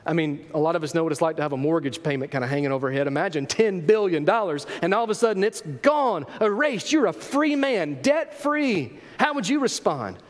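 A man preaching a sermon, telling the story with animated emphasis and rhetorical questions to his congregation. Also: a little high, fairly quick, few pauses, in a large hall. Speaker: pastor.

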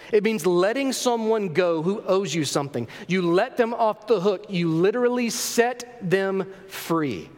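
A man preaching a sermon, telling the story with animated emphasis and rhetorical questions to his congregation. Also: high voice, in a large hall. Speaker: pastor.

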